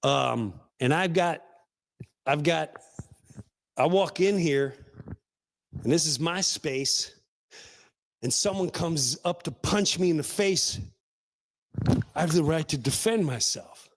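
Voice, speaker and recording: A man hosting an online talk show, giving loud, emphatic political commentary and acting out little scenes as he goes. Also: a little high, takes it slowly, pauses often. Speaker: show host.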